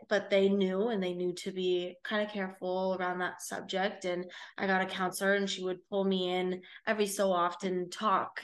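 A young woman with a Southern California accent, earnestly and reflectively telling a personal story as a guest. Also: medium pitch. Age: young adult. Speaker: guest, host's daughter.

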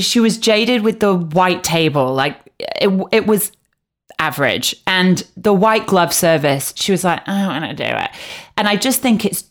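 This is a woman on a casual podcast, her voice sitting a little low. She is blunt and animated, swearing freely as she dishes gossip with her co-host. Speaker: podcast co-host recapping a reality show. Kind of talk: casual chat.

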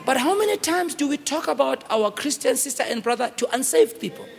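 A man preaches a fervent sermon, his voice high and wildly expressive. A gravelly rasp roughens his words as he pleads and tells stories. A long church-hall reverb trails every phrase. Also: a little fast, a little hiss or hum. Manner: impassioned preaching with personal storytelling. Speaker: pastor.

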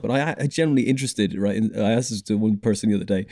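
A man's voice: fairly low pitch, racing, no echo, studio quality. A man hosting a podcast, telling stories in casual chat with lots of swearing. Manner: sweary, animated storytelling. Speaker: podcast host.

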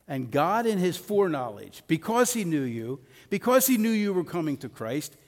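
A middle-aged man preaching a sermon as pastor in a church sanctuary, conversational, with personal stories and light jokes. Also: high voice. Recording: long hall reverb of a church.

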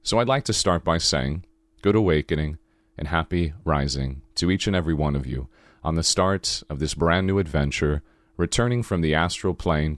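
A man hosting a podcast, giving a slow, earnest spiritual monologue in a low, sultry morning voice. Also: no room sound. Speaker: podcast host.

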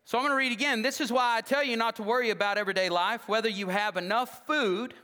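A pastor rattles through a comic sermon at high speed, his sharp, high-pitched voice carrying across the church sanctuary amid a long reverb. Animated and jokey, he tells stories and performs the quoted dialogue in character.

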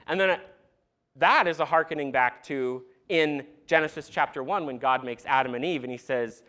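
A young man preaching a sermon to a congregation in a church, animated and conversational with asides to the crowd. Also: fairly high pitch, normal speed. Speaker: pastor. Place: church sanctuary.

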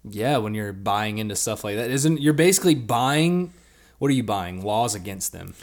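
A man's voice: lowish voice, animated, moderate pace. A man co-hosting a podcast in casual comedic chat, making provocative half-joking takes. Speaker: podcast co-host.

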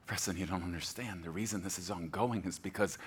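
A preacher voicing a fond, teasing God. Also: male voice, low voice, fairly quick, a little hiss or hum, natural voice. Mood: tender. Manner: gentle, teasing.

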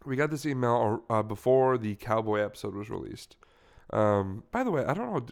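A man's voice: medium pitch, lively intonation, normal speed, vocal fry. A young man hosting a podcast in casual, joking chat, rambling and playful. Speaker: podcast host.

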